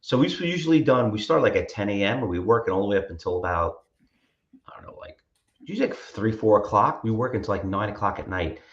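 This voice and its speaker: A low-pitched man talking with rambling, animated energy. The sound is roomy and a bit dull, as if recorded in an echoey space on a lo-fi mic. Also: fast. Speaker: co-host. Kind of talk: casual chat.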